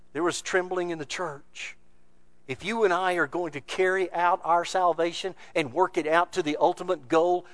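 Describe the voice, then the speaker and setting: Preacher, male, high voice; sermon delivery with sharp swings between loud and soft. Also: moderate pace, no echo. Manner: swings from loud emphatic bursts to low, quiet passages.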